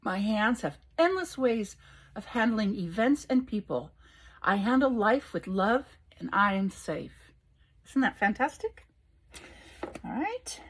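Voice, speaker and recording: Slow, delighted older woman reading cards. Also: medium pitch, breathy edge. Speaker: oracle card reader. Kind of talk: casual card reading vlog.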